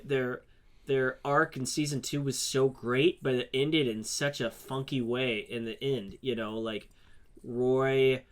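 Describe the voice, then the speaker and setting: A man's voice: medium pitch, a bit bright. A man co-hosting a podcast, chatting casually with lots of fillers and restarts. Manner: halting, many restarts and fillers. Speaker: podcast co-host. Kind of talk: casual chat.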